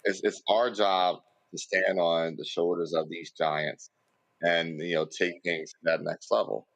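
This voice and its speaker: A man with an extremely deep voice speaks in a flat, level tone. He sounds relaxed and conversational, with plenty of fillers, and the recording is close and dry. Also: measured pace, gravelly, no echo. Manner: relaxed and conversational, with frequent "um" and "you know". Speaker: panelist. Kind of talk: casual panel discussion.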